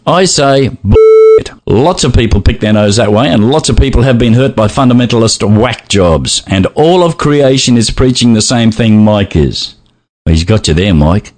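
A man hosting a podcast in casual chat, animated and often laughing as he reads messages aloud. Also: mid-range voice, moderate pace. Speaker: podcast host.

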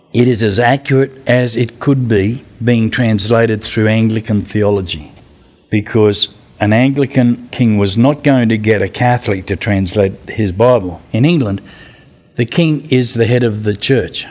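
A man giving an informal talk on Bible translation, answering a group's questions in an animated way that climbs in pitch for emphasis. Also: a little slow. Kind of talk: casual teaching talk.

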